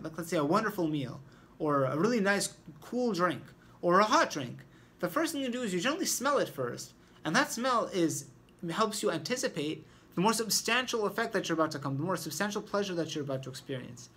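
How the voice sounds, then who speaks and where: A man's voice: high voice, bright, forceful tone, husky. A man teaching an informal Torah lesson who explains step by step and thinks aloud as he talks.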